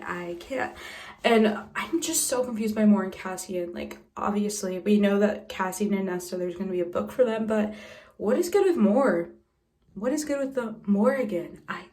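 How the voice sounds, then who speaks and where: A woman vlogging her reactions to a book, talking casually and excitedly, gushing with squeals and sudden hushed asides. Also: mid-range voice. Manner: excitable, gushing, swings between whispers and squeals. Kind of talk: casual reading reaction vlog.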